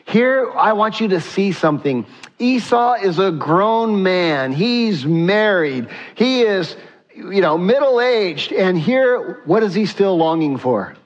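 Animated male pastor, slow emphatic delivery. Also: high voice, lo-fi sound. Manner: animated, slows down for emphasis, asks rhetorical questions. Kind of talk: sermon.

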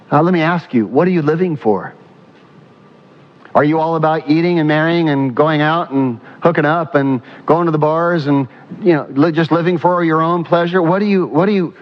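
A man preaching from the pulpit in a slightly high voice, leading the congregation with questions he then answers himself. He slows down to stress each key point. The recording sounds muffled and lo-fi. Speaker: pastor. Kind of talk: sermon. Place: church.

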